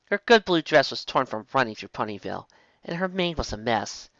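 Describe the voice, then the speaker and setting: A woman reading a fan story aloud in an expressive storytelling voice. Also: very deep voice, brisk, dry recording, highs cut off. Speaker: reader.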